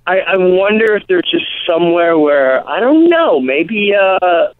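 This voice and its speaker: Comedian guy chatting on the radio, acts out quotes, bit high, sounds like over the phone. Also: measured pace, no echo. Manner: animated storytelling, acts out quotes. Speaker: comedian guest. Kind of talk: casual radio interview. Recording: tinny phone-line sound.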